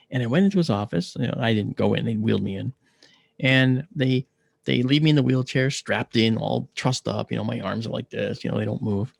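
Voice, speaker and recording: A man, an astronomer, telling a personal story in an animated way and acting out the dialogue. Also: medium pitch, vocal fry, dry recording. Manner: acts out dialogue in lively quoted voices. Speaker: astronomer recounting a personal experience.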